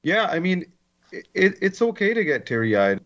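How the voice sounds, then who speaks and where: A man's voice: sits high, very animated, moderate pace, fairly bright tone. Easygoing man, slightly dull sound. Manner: easygoing, repeats words. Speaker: hockey analyst, guest. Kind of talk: casual conversation.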